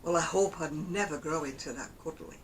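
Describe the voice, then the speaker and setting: A woman's voice: sits low, a little fast, slight background noise, rough recording. A woman from Oldham with a Northern English Lancashire accent, chatting casually to camera in a rambling way and often chuckling. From Oldham, England. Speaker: crochet vlogger.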